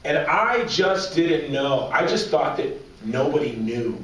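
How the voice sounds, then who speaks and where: A man in his forties giving a humorous personal story speech at a banquet, as an animated, joking storyteller. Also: fairly high pitch, slow pace. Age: 40s. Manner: joking, animated storyteller drawing audience laughs. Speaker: banquet speaker. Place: large banquet hall with audience. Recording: echoey hall, distant mic, faint noise.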